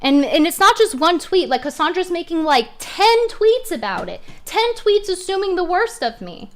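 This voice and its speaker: Heated high-voiced woman ranting. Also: very animated, moderate pace. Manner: indignant, rhetorical questions, repeats phrases. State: upset, heated. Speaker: streamer. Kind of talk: heated commentary rant.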